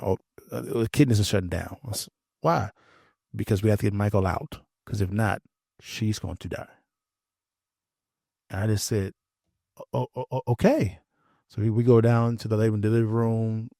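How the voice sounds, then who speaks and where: A man telling a painful personal story as an interview guest, earnest and halting, often repeating words as he goes. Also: on the low side, darkish tone, no echo, studio quality.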